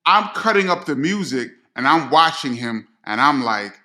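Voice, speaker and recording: A middle-aged man, a DJ telling a personal story straight to his viewers in a slangy, animated way. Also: mid-range voice, normal speed. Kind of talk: storytelling to camera.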